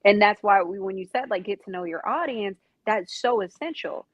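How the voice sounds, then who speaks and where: A woman's voice: medium pitch, moderate pace, dry recording, dull audio. A woman hosting a casual conversation, emphatic and agreeable, speaking in a slangy way. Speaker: podcast host.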